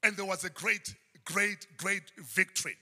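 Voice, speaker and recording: South African pastor, husky high voice, very bright, hall reverb; shouts often. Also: male voice, unhurried. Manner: preaching with frequent shouted high bursts. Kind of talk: sermon. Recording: long church hall reverb.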